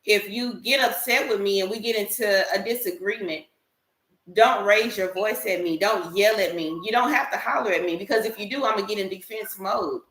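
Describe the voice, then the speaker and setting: Recorded in an echoey room, a woman of medium pitch talks at normal speed with a fairly bright tone. She's a panel guest in a candid group discussion, emphatically and earnestly setting out her views at length.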